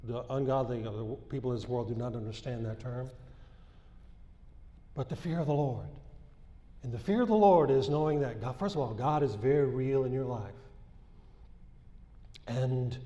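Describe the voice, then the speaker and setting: A man's voice: mid-range voice, normal speed, long pauses, mellow. A man preaching a sermon and reading scripture with fervor, repeating phrases and rising in bursts. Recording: echoey hall.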